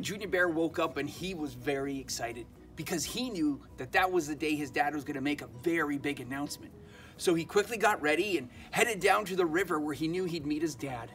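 A man tells a storybook tale to children with lively swings in his voice, pausing to ask the kids questions. His voice sits fairly high. The telling is warm-toned and playful. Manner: animated, asks the kids questions. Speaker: children's ministry host.

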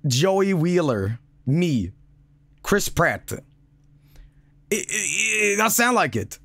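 Man, streamer, casual excitable commentary, profane, high animated voice, dry close sound. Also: drawn-out words, gravelly, no echo. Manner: excitable, profane, laughs often. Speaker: streamer host.

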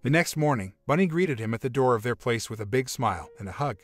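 A man narrating a story script in a steady, measured way. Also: mid-range voice. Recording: faint music behind.

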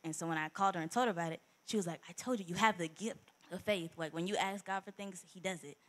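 Fast-talking young woman testifying. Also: fairly low pitch. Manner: rapid, chatty storytelling with quoted dialogue. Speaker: church member giving a testimony. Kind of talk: spoken testimony. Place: church sanctuary.

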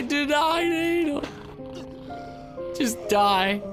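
A young man doing profane, excitable let's-play commentary as a gaming YouTuber, swinging between low growled taunts and shrieks. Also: very slow, creaky, long pauses, over music.

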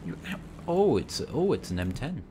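A young British man hosts a gaming channel, playing a tank game and narrating it with rambling, cheeky banter in a British English accent. His voice is medium-pitched and sing-song, at a moderate pace, with background noise in the recording.

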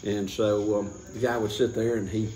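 A man hosts a casual beer tasting, rambling through a drinking joke full of restarts and chuckles. His fairly low voice is warm but flat in delivery, at normal speed. The recording is rough, with an echoey room and a little hiss or hum.

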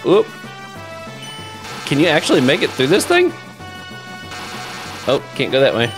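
A man's voice: mid-range voice, huge pitch swings, moderate pace, music in the background. A man giving casual let's-play commentary as a gaming YouTuber, playful and wry.

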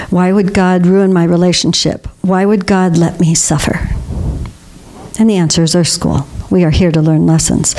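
A woman's voice: on the low side, a little hiss or hum. An older woman speaking as guest speaker to a congregation, telling stories with frequent laughter. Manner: warm storytelling with frequent laughter. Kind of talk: spiritual talk to a congregation.

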